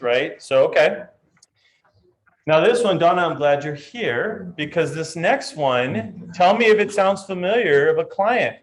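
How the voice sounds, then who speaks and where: A man leading a live real estate training session, talking in a lively way and acting out client voices. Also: a little high.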